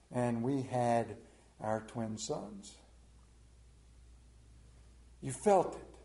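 Middle-aged male preacher, folksy storyteller, high voice, echoey hall sound. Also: dark tone. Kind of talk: sermon with storytelling.

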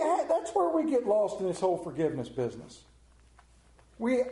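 A man preaching a sermon, telling stories in a folksy way and dropping to a hush for quoted lines. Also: a little high, roomy sound. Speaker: pastor. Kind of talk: storytelling sermon.

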